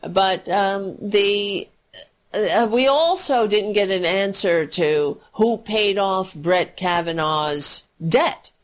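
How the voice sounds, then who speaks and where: A woman's voice: medium pitch, slow pace. A woman filling in as a radio talk host, ranting about politics in a profane, indignant and sarcastic way.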